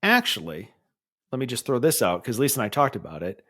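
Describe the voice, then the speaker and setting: A man's voice: mid-range voice, sing-song, brisk, fairly bright tone. A man co-hosting a podcast, chatting casually in a rambling, wry way with many restarts. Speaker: podcast co-host. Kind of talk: casual chat.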